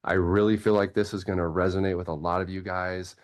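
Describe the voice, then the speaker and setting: A man's voice: sits low, level tone, a little fast. A man hosting an interview as a life coach, talking in a friendly, casual, encouraging way.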